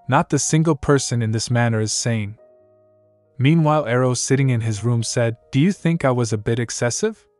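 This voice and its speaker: Light music plays behind a man narrating a story recap in a mid-range, slightly mellow voice. He voices each character plainly and identically, and the voice-over has no room sound.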